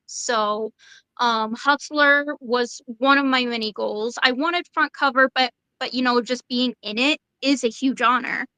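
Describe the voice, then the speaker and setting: A woman's voice: on the high side, measured pace, sharp tone, smooth, no room sound, poor audio. A woman in her twenties, a podcast guest, speaking casually and hesitantly with many fillers and restarts. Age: 20s. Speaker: interview guest. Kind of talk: casual interview chat.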